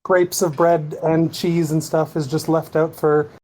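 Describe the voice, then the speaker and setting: A man's voice: fairly high pitch, flat delivery, unhurried, darkish tone, low-quality recording. A man co-host narrating a story in casual chat, rambling and hesitant with many fillers.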